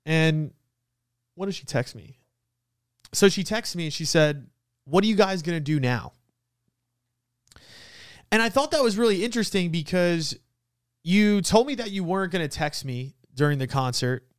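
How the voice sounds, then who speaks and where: A young man hosting a podcast, telling a personal story in a casual, animated way with lots of filler words. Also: fairly high pitch, moderate pace, pauses often, smooth, no echo, clean studio sound. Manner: animated, frequent "like" fillers, laughs while venting. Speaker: podcast host.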